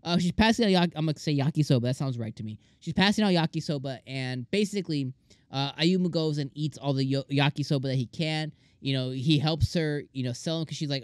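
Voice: mid-range voice, a little mellow, no room sound. A host giving a casual anime episode review, talking enthusiastically and rambling with many restarts and fillers. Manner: acts out characters' lines in quick voices.

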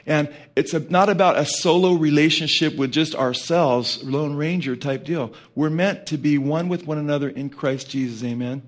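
A man's voice: fairly high pitch, moderate pace, hardly any pauses. A middle-aged man preaching a sermon as pastor, conversational and rambling, full of fillers and asides.

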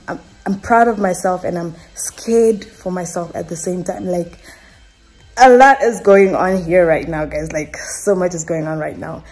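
Here the Namibian vlogger's voice is fairly low and a little mellow. She's at home, addressing the camera casually, emotional and rambling, with fillers and restarts.

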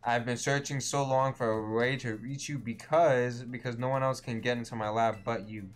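A man's voice: medium pitch, fairly even intonation, moderate pace, faint music behind, close to an everyday voice. A man reading aloud the phone messages of a scientist mother in a video game, in a matter-of-fact tone.

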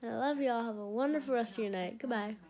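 A woman's voice: on the high side, fast talker, heavy background noise. A young woman vlogging casually, whiny and complaining, talking with a sore mouth from new braces. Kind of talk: casual vlog talk to camera.

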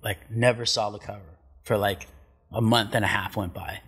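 A man's voice: fairly low pitch, fairly even intonation, moderate pace, fairly bright tone, breathy edge. A middle-aged man telling stories in a casual chat, laid-back, swearing a lot and acting out what people said. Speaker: podcast guest, pro surfer. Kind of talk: casual storytelling. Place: studio.

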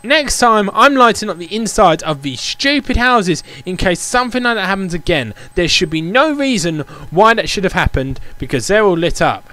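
A man's voice: sits high, big pitch swings, normal speed, hardly any pauses, pushed and bright. A young man commentating his Minecraft game, ranting in an exasperated, repetitive way. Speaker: gaming YouTuber. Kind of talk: Minecraft let's play commentary.

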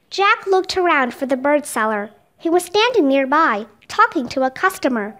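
A woman reading a children's chapter book aloud, narrating clearly and expressively. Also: high-pitched, very animated, moderate pace, few pauses, a bit bright. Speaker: storybook reader.

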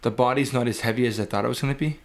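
A man co-hosting a podcast in casual chat, speaking in a measured way with frequent "uh" and "um" pauses. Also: medium pitch. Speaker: podcast co-host.

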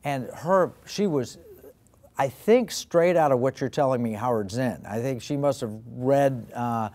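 A man's voice: mid-range voice, a little slow, a little mellow. A man hosting an interview, telling a story in a conversational way. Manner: anecdotal, conversational. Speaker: host.

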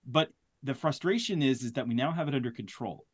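A man's voice: mid-range voice, fairly quick, husky. A man hosting a faith podcast interview, talking in a playful, joking way with a preacher-like lilt. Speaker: podcast host. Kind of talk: casual interview chat.

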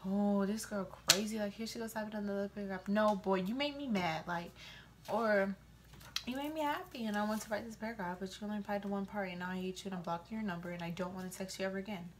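A young woman vlogging casually to her camera, telling animated stories and acting out the voices of the people in them. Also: mid-range voice, fast talker, slight background noise. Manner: animated storytelling, quoting voices.

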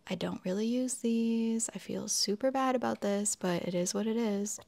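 A woman's voice: fairly high pitch, moderate pace, gravelly, darkish tone. A young woman beauty vlogger in casual chat to camera, chatty and exclaiming as she talks through each item.

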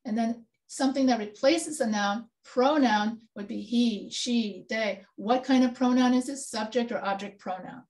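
A woman's voice: on the high side, normal speed, hardly any pauses, a little mellow. A woman instructor leading an online grammar review, patiently quizzing students with questions. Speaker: writing instructor. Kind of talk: online class session.

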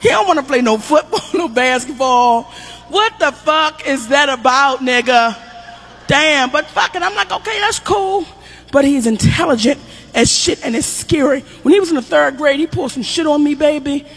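A middle-aged woman comedian telling a long, loud, profane stand-up story, acting out the people she quotes. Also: sits high, animated, moderate pace, faint music behind.

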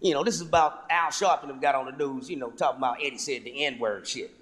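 A stand-up comedian with a mid-range voice races through a profane story, animated and playing each character himself. He performs on a theater stage to a laughing crowd, captured in a live hall with long reverb and faint noise.

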